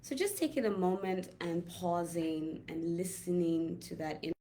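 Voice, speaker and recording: A woman holistic health coach giving a gentle, reflective talk with slow, drawn-out pauses. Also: lowish voice. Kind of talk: casual inspirational talk.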